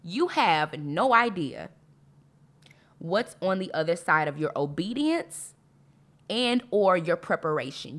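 A woman with a slightly low voice leads a devotional Bible teaching on her podcast. She reads scripture aloud, then breaks it down in a chatty, emphatic way. She circles back to key phrases for emphasis. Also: expressive, a little slow. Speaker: podcast host.

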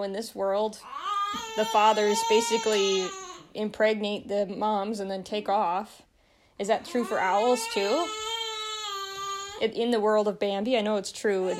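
A young woman in easy, unscripted chat, her voice sitting at an ordinary middle pitch. She rambles from thought to thought with plenty of fillers and laughs often as she talks. The tone is relaxed and conversational. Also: background noise. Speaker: vlogger reviewing a film. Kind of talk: casual chat.

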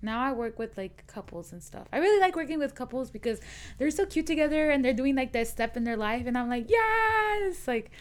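Fast-talking young woman telling stories. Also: on the high side. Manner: animated, acts out quoted voices, many "like" fillers. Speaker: podcast co-host. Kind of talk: casual chat, storytelling.

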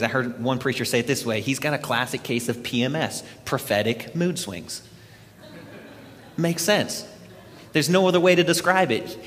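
A man preaching a sermon, retelling a scripture story in an animated storytelling way. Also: mid-range voice, in a large hall. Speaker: pastor.

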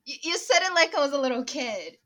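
A woman's voice: sits high, lively intonation, quick pace, sharp tone. A woman player in a tabletop game, chatting casually and laughing often as she describes her character.

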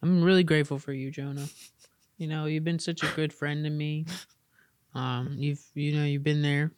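A man's voice: a little high, flat delivery, normal speed, clear, resonant tone, no echo, studio quality. A young man co-hosting a casual podcast, eager and chatty, hesitating when earnest. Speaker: podcast co-host. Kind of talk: casual chat.

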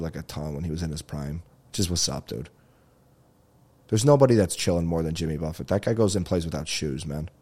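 A man's voice: deep voice, a little mellow. A male comedian hosting his own podcast, telling rambling stories with swearing and laughter. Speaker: podcast host. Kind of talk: casual comedic monologue.

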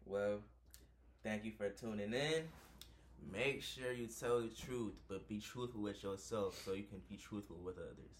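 A man with a lowish voice co-hosting a casual podcast. He sounds laid-back and chimes in with short agreeing replies. A faint hiss sits under the recording. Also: unhurried. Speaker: podcast co-host.

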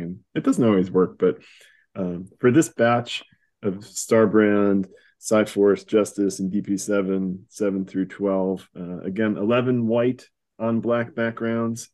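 A man co-hosting a casual comics podcast, chatting in quick, wry bursts. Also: low-pitched, warm tone. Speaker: podcast co-host. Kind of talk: casual chat.

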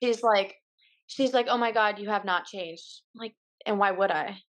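A woman's voice: medium pitch, normal speed. A young woman in her twenties speaks as a podcast guest, loose and casual. She is candid and blunt, and she slips into playful quoted lines in her own voice. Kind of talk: casual chat.

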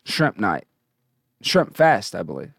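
A man hosting a comedy show, delivering a brash, swaggering rant that keeps slipping into sing-song chants and sudden shouts. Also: on the low side, sing-song, slow pace, vocal fry, slightly rough, dry recording, clean studio sound.

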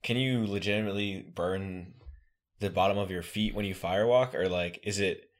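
A man's voice: low-pitched, moderate pace. A man hosting a podcast, casually asking curious follow-up questions. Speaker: podcast host.

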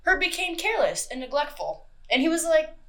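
A woman hosting a casual true-crime podcast, chatty and quick to swear and laugh. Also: high voice, sing-song, fairly bright tone. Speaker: podcast host.

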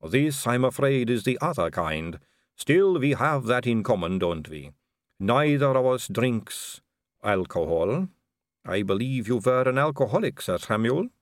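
A man's voice: medium pitch, sing-song, measured pace, no echo, clean studio sound. Man doing a genteel vampire lady. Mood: gracious. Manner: polite, gracious, lightly teasing. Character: genteel female vampire aristocrat, middle-aged, poised.

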